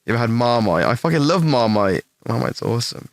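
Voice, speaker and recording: A young English man answering chat questions on a stream in casual, rambling talk, swearing freely and putting himself down, with a fairly deep voice. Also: sing-song, fairly quick, no room sound. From England. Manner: rambling, swears a lot, self-deprecating.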